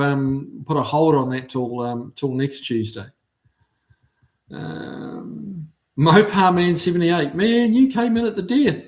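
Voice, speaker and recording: A middle-aged man from New Zealand with a New Zealand accent, casually chatting as he reads out viewer comments on his livestream, laid-back with frequent ums. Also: a little high. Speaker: livestream host reading chat. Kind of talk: casual chat.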